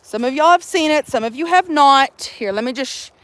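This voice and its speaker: Animated, high-voiced young woman vlogging outdoors. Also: moderate pace, dry recording. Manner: animated, profane, jokey. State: out of breath. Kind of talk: casual chat to camera. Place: outdoors at a campsite.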